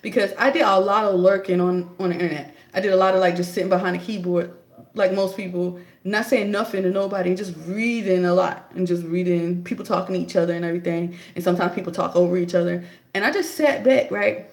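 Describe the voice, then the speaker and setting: Chatty young woman with a gravelly edge. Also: fast, reverberant. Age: young adult. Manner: chatty, animated storytelling, jumps high to act out her own quotes. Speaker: vlogger. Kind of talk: casual opinion monologue.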